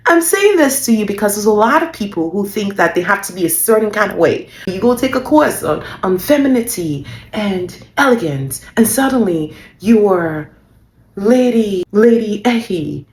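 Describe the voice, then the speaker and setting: A woman's voice: mid-range voice, lively intonation, normal speed, echoey room. A woman giving a motivational Christian talk as a business coach, emphatic and repeating phrases for stress, often laughing mid-sentence. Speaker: faith-based business coach.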